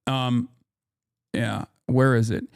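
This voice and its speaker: A man's voice: mid-range voice, steady tone, slow, gravelly, clear, resonant tone, no echo, studio quality. A man streaming casual commentary, swearing freely and rambling in an indignant tone.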